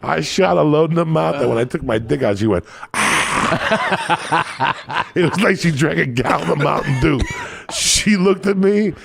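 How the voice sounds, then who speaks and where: A man telling crude, profane comic stories on a podcast in a rambling, raucous way, with a gravelly, raspy voice. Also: fairly high pitch, lively intonation, a little fast, few pauses, a crowd in the background. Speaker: podcast guest.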